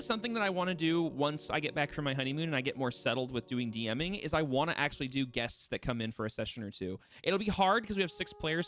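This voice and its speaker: A young man with a mid-range, fairly bright voice serves as game master for a tabletop group. In casual between-session talk, he speaks animatedly, laughing at himself as he rambles and starts over. A music bed accompanies his voice.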